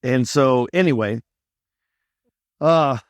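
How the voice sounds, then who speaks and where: A man's voice: mid-range voice, takes it slowly, dry recording, studio quality. A middle-aged man co-hosting a podcast, telling stories in a rambling, joking way. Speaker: podcast co-host. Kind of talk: casual chat.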